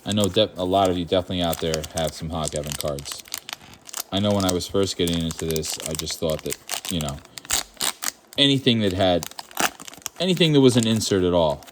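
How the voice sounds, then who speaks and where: An Irish-born man opens trading card packs on his own channel, chatting in a casual, wry way with rambling asides and mock outrage. His voice is low and brisk, and there is noise in the background.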